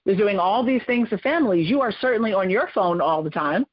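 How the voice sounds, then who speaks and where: A woman voicing her calm, unbothered eleven-year-old daughter, speaking in a flat, matter-of-fact way on a dull, dry recording. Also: medium pitch, brisk, no room sound, natural voice.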